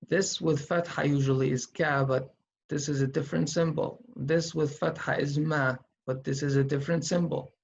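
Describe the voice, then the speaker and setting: A man teaching Quran reading in a slow, step-by-step tutorial, patiently thinking aloud as he writes. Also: on the high side, steady tone, creaky, lo-fi sound.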